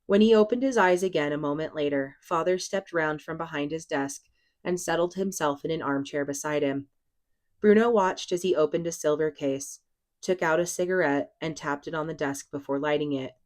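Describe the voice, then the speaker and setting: A woman reading a novel aloud in a steady, even narration. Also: deep voice, normal speed. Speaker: audiobook reader.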